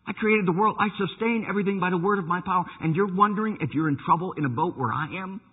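A preacher speaks as Jesus, steady and reassuring, his commanding words calm and sure. The voice is a little husky. It comes through a thin, phone-like sound. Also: sits high, fast.

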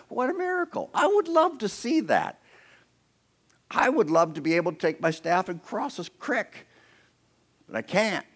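Man preaching, slightly high voice, dramatic storytelling, acts out quotes, playful asides, outdoors. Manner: dramatic storytelling, acting out quoted speakers with big swings in loudness. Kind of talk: sermon. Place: outdoors near a creek.

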